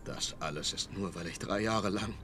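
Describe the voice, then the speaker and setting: A man's voice: low-pitched, normal speed, noisy background, natural voice. An actor dubbing a guilt-ridden young male soldier in an anime, strained and emotional. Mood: anguished.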